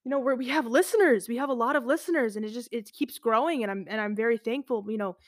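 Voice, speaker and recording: A woman in her twenties hosts a podcast, telling a personal story in a fairly high, fast voice with clean, echo-free studio sound. She's casual and rambling, her speech packed with "like" and "you know."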